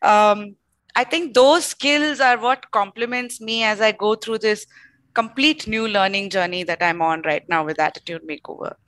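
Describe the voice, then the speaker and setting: A middle-aged woman speaks as a podcast guest with a bright, forward tone. She works through her points one by one, pausing on fillers as she thinks. The recording is close and dry, with no room sound. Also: medium pitch, no echo. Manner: thoughtful, listing points with frequent fillers. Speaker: podcast guest, company founder. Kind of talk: conversational interview answers.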